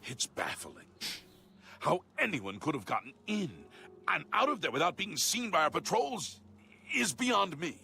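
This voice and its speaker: A grave, uneasy video-game town guard. His voice is gravelly, with lively swings in pitch as he warns people away. He is a man of duty who is unsettled by what he has seen. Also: unhurried, slight background noise, full character voice. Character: male guard, uneasy about a chapel attack.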